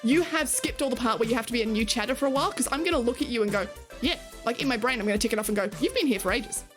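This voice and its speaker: This Australian streamer talks rapid-fire and animated in a fairly high voice, with faint music behind her. She reads chat and banters casually with her viewers, laughing a lot and swearing casually.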